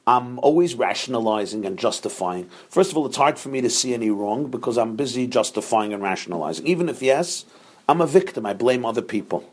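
A man a husky, slightly breathy voice gives a Torah lesson. He speaks, moving patiently through each point and stopping to ask his listeners "right?" His pitch sits in an ordinary middle range for a man. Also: quick pace, few pauses. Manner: explains step by step, often checking with 'right?'. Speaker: Torah teacher. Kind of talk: Torah class lecture.

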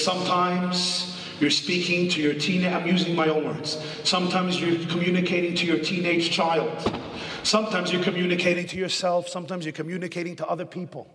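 A man, a rabbi, giving a sermon full of jokes and stories, rising to loud emphatic peaks. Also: high-pitched, a little hiss or hum. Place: synagogue hall. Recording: echoey hall recording.

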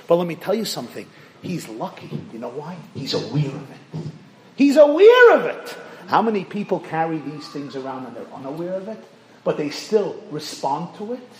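A man giving a sermon as a rabbi, telling stories animatedly, questioning the audience directly, and swinging sharply between loud and hushed. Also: a little fast, a little hiss or hum. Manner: animated storytelling, rising and dropping sharply in pitch and volume.

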